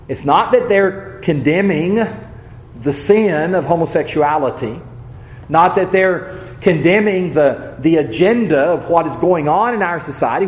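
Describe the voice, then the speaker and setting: A man's voice: on the high side, slight background noise. Earnest preacher man in an echoey room. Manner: measured and earnest, slowing on key words, dropping soft at the ends of points. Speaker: preacher teaching a Bible lesson. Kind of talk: sermon.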